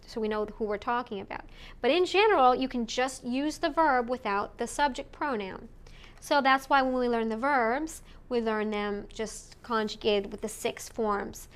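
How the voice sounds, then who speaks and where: A woman teaching a recorded language lesson, slowly modeling words for students to repeat. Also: fairly high pitch, fairly bright tone, clean tone. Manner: slow and deliberate, models words for repetition. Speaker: Spanish teacher.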